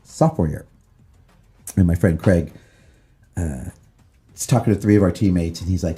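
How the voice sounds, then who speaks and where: A man hosting a podcast, chatting casually and telling a story in a relaxed way. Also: sits low, moderate pace, long pauses. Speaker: podcast host. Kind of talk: casual chat.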